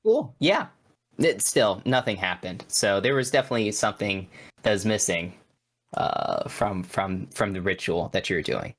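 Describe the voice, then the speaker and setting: Brief: relaxed male game master, halting narration full of ums and likes. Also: on the low side. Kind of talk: narrating a tabletop horror game.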